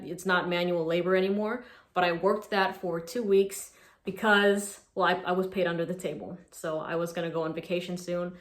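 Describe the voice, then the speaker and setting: A woman in her twenties telling stories in a casual vlog, chatty and animated, with lots of "like.". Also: fairly low pitch, echoey room. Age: 20s. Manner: chatty, animated retelling with filler "like". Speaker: social media creator.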